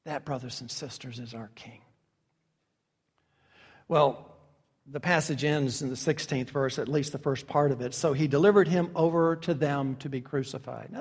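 A man preaching a sermon as pastor, dramatic and emphatic, dropping to hushed asides and acting out quoted figures with sarcasm. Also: medium pitch, slightly rough. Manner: acts out quoted figures with sarcastic mock voices. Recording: long hall reverb.

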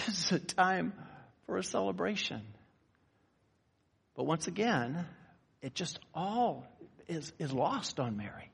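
A man preaching a sermon. He builds to fervent raised passages, then drops low and quiet. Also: lively intonation, measured pace, vocal fry, long pauses, breathy edge, big-room sound.

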